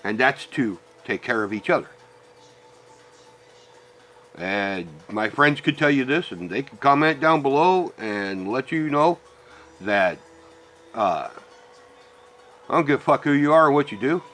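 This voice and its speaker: A middle-aged man delivers a heated, profane rant straight to his viewers. His voice is bright and forward, and he talks bluntly, often swearing for emphasis. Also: medium pitch, lively intonation, moderate pace. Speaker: vlogger. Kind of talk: ranting personal monologue.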